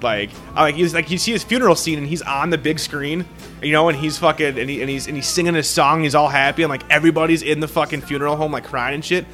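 A man's voice: fairly high pitch, fast, fairly bright tone, faint music behind. A young man co-hosting a podcast in casual chat, rambling and swearing constantly. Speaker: podcast co-host.

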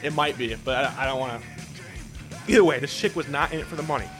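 A man's voice: medium pitch, quick pace, music in the background. Profane, rambling podcast storyteller man. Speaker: podcast host. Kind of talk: casual storytelling.

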